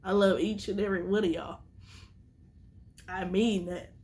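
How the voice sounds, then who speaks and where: A woman vlogger speaks to her viewers in an everyday, mid-pitched voice, close to tears. She is earnest and emotional and circles back on her words to stress them. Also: fairly even intonation, normal speed, darkish tone. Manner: earnest, emotional, repeats herself for emphasis. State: teary. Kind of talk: casual vlog monologue.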